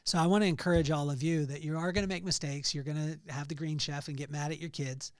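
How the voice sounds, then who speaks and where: Middle-aged male podcast host, earnest storyteller, slightly raised pitch, dry room. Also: steady tone, quick pace, no echo. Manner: earnest storytelling, rising to loud emphasis. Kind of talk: faith-based motivational talk.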